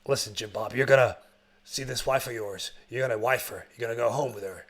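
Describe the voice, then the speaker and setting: A man voicing a rambling older male priest who keeps brooding over the war, in a low mutter. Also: a little fast, a bit bright, natural voice. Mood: earnest.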